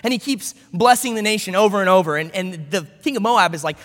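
Man, pastor; conversational sermon with asides, light high voice, long hall reverb. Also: animated, fast, hardly any pauses, fairly bright tone.

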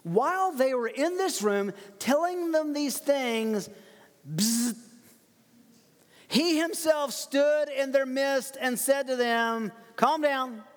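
High-voiced animated preacher in a hall. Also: male voice, slow, hardly any pauses. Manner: animated, laughs often, emphatic quotes. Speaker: pastor. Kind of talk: expository sermon.

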